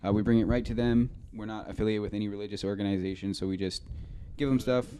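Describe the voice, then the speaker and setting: A man's voice: on the low side, steady tone, fast talker, warm tone, clean tone. A man in casual podcast chat, earnestly explaining his volunteer work at length. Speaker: guest.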